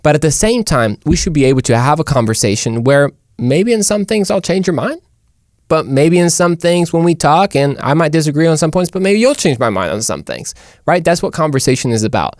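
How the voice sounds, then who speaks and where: A man hosting his own talk show, rambling casually in an animated, slangy way. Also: a little high, fairly quick, no room sound, clean studio sound. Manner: animated, rambling, slangy, puts on mock British voices. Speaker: show host. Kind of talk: casual opinion monologue.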